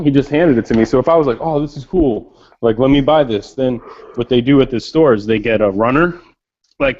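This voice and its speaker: A man's voice: mid-range voice, darkish tone. A man from New York rambling in a casual voice chat, profane and full of "like". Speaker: chat participant. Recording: lo-fi voice chat audio.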